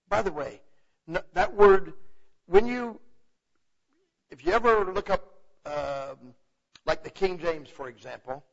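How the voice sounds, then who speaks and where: Heard through a muffled, lo-fi recording, a man with a gravelly, high-leaning voice preaches from the Bible in an easygoing, conversational way. He's lively and keeps looking for agreement with "okay?" again and again.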